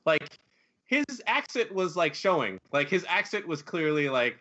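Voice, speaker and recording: Animated man chatting on a podcast. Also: on the high side, unhurried, highs cut off. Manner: animated, laughing, filler-heavy. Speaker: podcast host. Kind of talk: casual podcast chat.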